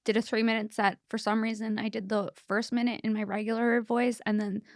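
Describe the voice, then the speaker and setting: A woman's voice: on the high side, little pitch movement, a little fast, no room sound, studio quality. A woman in her thirties from the Valley, a comedian and podcast host telling rambling stories in casual chat, often laughing. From the San Fernando Valley, California.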